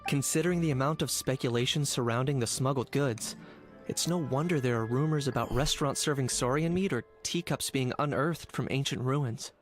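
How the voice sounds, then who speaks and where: An actor playing a composed adult man in a game, speaking in a calm, measured, matter-of-fact way. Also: mid-range voice, soft background music, natural voice. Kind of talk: game voice acting.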